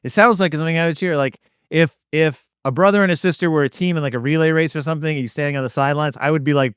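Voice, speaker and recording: A man comically reading through a children's activity book, quizzing listeners in a playful, mock teacher-like deadpan. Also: fairly high pitch, fast, hardly any pauses, clean tone, no room sound. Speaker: comedic podcast host.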